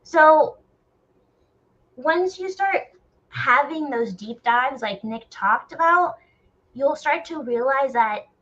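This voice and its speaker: Blunt, animated woman talking openly. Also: on the high side, highs cut off. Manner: blunt, animated, rapid self-questioning. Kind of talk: candid group discussion.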